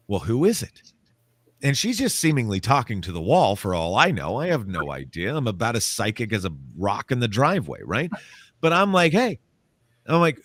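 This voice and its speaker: Man, paranormal author, casual storytelling, animated pitch, acts out quotes, dry sound. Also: slightly rough, no echo.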